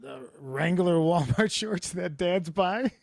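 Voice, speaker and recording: A man hosting a comedy podcast over a video call, telling rambling stories with deadpan absurd jokes. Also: high voice, takes it slowly, gravelly, no room sound, studio quality. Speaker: podcast host. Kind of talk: casual comedic chat. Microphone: remote video call.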